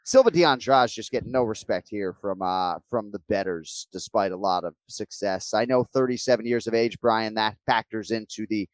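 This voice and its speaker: A man's voice: on the low side, moderate pace, hardly any pauses, dry recording. A man hosting a podcast, chatting casually about upcoming fights, swearing freely and often laughing. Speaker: podcast host.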